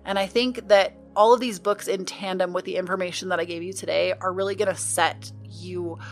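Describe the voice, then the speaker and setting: A woman's voice: fairly low pitch, steady tone, a little fast, soft background music. A young woman hosting a podcast, talking casually and earnestly in a sit-down chat with heartfelt encouragement. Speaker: podcast host.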